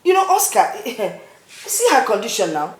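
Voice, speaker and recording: A woman's voice: a little high, huge pitch swings, unhurried. Teasing Nigerian mother-in-law. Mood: mocking. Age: older. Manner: teasing, scolding. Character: meddling older mother defending her grown son. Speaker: husband's mother. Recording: echoey room.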